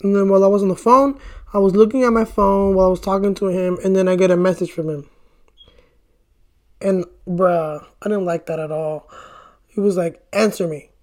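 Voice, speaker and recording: A man's voice: high voice, steady tone, fairly quick, long pauses, darkish tone. A young man chats straight to camera as he does his makeup, spinning a long, rambling story about a date gone wrong. He talks loosely and casually, drops "bro" often, and swears freely whenever he gets worked up. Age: young adult. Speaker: vlogger.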